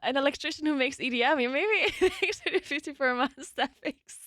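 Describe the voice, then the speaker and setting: A woman's voice: high-pitched, a little fast, fairly bright tone, no echo, studio quality. A young woman from South Tyrol with a South Tyrolean German accent, chatting casually with her live chat as a streamer, giggling often and swearing casually. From South Tyrol, Italy.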